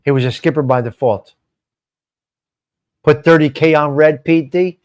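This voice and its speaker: A man's voice: fairly high pitch, unhurried. A man hosting a live stream show, chatting casually and answering viewer comments by name in a rambling, swearing way.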